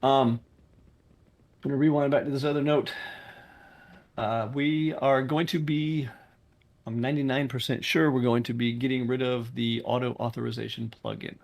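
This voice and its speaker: A game server owner runs a casual online staff meeting over voice chat, speaking bluntly and firmly and swearing when annoyed. He has a gravelly mid-range voice with fairly even intonation at a normal speed, broken by long pauses.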